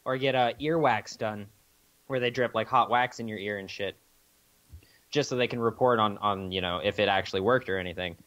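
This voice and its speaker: A man's voice: fairly low pitch, brisk, fairly bright tone. Man, podcast co-host, casual profane chat, rambling, muffled lo-fi audio. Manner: loose and profane, many fillers.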